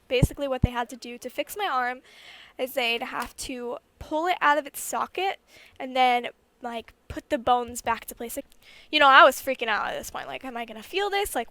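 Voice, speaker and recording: Young woman, vlogger, fairly high voice, chatty, lots of fillers, swears. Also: sharp tone. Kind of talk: casual storytime while gaming.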